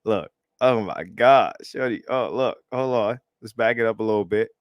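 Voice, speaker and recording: A man hosting a live stream, reacting to clips in a profane, animated, repetitive way and laughing often. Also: lowish voice, normal speed, no echo. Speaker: livestream host.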